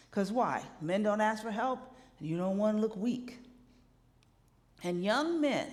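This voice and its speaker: Animated woman preaching in a reverberant hall. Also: a little high. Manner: animated, conversational preaching with rhetorical "right?" asides. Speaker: minister. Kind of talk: sermon. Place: church sanctuary.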